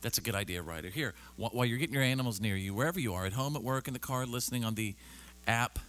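A man's voice: medium pitch, very fast, fairly bright tone. A man hosting a morning radio show, reading odd news items with playful jokey asides in a studio. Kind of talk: joking radio banter.

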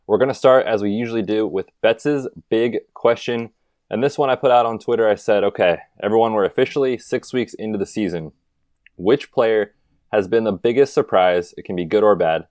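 A man with a fairly low voice co-hosts a sports podcast, keeping things upbeat and conversational. He talks casually into a close mic. The sound is dry, with no room echo. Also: a little mellow. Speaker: podcast co-host.

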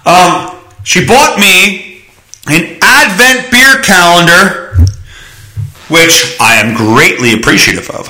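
A man's voice: fairly high pitch, very animated, takes it slowly, pauses often, pushed and bright, echoey room, rough recording. A man hosting a casual solo podcast, rambling and joking with frequent swearing. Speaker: podcast host.

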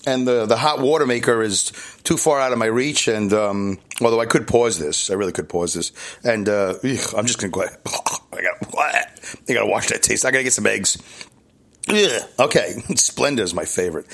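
A man's voice: medium pitch, a bit bright. Chatty Brooklyn man rambling. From New York. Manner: rambling, self-deprecating, chatty with frequent restarts. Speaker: podcast host. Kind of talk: casual solo podcast monologue. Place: hotel room.

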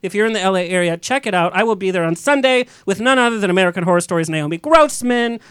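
A man's voice: high-pitched, quick pace, smooth, no room sound. Chatty laughing male podcast host. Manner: chatty, laughing, animated storyteller. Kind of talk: casual chat.

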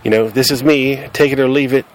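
A man's voice: medium pitch, steady tone, a little fast, soft background music. A man with a Southern US accent hosting a podcast, talking bluntly and combatively and cussing freely. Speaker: podcast host. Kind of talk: casual podcast monologue.

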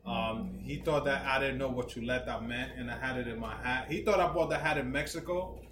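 A man co-hosting a casual podcast, telling animated stories with lots of swearing and acting out the people he quotes. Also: medium pitch, brisk. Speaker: podcast co-host. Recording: echoey room with background noise.

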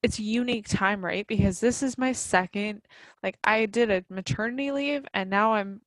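Thirties mom just chatting, says like a lot, dry close mic. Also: female voice, medium pitch, moderate pace, no echo. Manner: chatty, many fillers of "like". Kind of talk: casual chat.

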